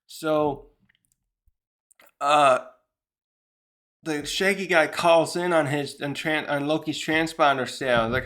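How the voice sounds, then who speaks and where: A man's voice: on the high side, steady tone, unhurried, pauses often, sharp tone. A man casually recapping a comic chapter, rambling with many fillers and restarts and briefly acting out the characters' lines. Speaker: manga reviewer.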